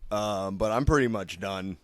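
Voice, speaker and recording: Deadpan man spinning tall tales. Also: on the low side, normal speed, no echo. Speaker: podcast co-host. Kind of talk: improvised comedy banter.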